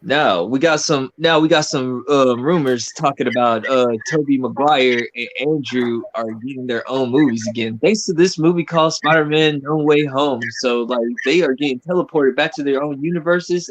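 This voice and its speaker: A man at a mid pitch co-hosting a casual podcast. He brings up the next topic in a loose, easygoing way and leans on ums and likes as he talks. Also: a little hiss or hum. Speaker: podcast co-host.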